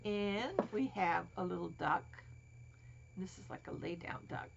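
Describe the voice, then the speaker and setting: A woman's voice: on the low side, a little slow, vocal fry. A woman showing crafts in a casual vlog, cooing over little toys and often dropping to a whisper. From Florida. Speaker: crafting vlogger. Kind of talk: casual show-and-tell vlog. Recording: dull lo-fi home recording, faint hiss.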